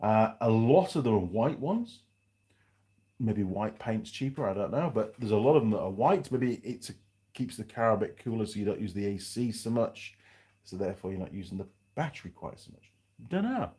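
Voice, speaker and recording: A man talks with a fairly low voice on a casual live stream in his home workshop. He rambles as he answers viewer comments, often restarting a sentence or going off on a side thought. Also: lively intonation, normal speed, dark tone. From United Kingdom. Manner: rambling and chatty, with frequent restarts and asides. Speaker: livestream host.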